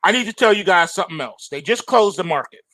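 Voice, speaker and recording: A trading show host gives his viewers emphatic, slangy market commentary, calling them folks and repeating phrases to drive points home. He's animated and insistent, talking fast in a high voice. The recording has no room sound.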